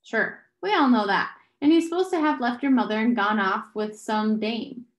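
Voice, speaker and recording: A woman's voice: fairly high pitch, moderate pace, close to an everyday voice. A woman reading aloud and voicing a blunt, teasing teenage boy, in an echoey room.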